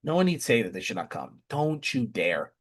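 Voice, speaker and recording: A man's voice: medium pitch, big pitch swings, normal speed, husky. A man giving impassioned scripture commentary, emphatic and repeating rhetorical questions. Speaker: scripture teacher.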